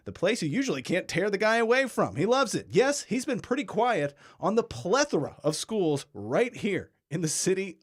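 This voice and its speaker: A young man hosting a podcast in casual chat, jokey and emphatic as he presents. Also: sits high. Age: young adult. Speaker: podcast host.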